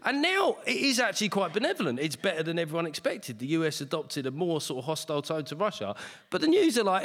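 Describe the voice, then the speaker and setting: A man's voice: on the high side, big pitch swings, fast, fairly bright tone. A man on a comedy panel, riffing jokily on the news and mimicking politicians. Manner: jokey, mimics politicians with mock-grand voices. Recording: noisy recording with long hall reverb.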